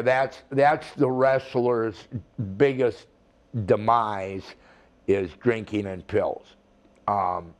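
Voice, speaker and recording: Slow-talking older man telling stories. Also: medium pitch. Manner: rambling, laughing, many restarts. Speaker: interview guest, retired wrestler. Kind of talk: casual storytelling interview.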